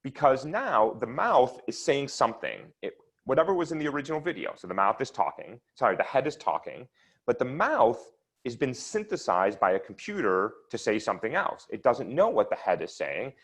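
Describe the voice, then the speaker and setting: A man's voice: medium pitch, sing-song, moderate pace, fairly bright tone, slightly rough. A man presenting his research at an online seminar, explaining slides and charts step by step. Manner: explanatory, walks listeners through charts step by step. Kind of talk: lecture with slides.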